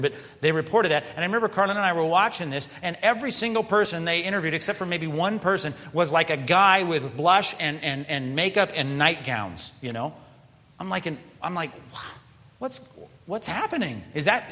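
A man preaching a sermon as pastor, animated, often slipping into mock quoted voices. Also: a little high. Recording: long hall reverb.

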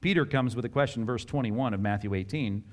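A middle-aged man preaching a sermon in an animated, conversational way, with jokes and asides and acted-out scripture dialogue. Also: mid-range voice, a little fast. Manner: acts out scripture dialogue in varied voices. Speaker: pastor.

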